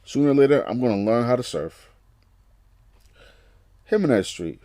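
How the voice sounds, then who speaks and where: A man's voice: lowish voice, mellow, no echo, clean studio sound, natural voice. A man voicing an upbeat young comic hero. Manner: eager, rambling.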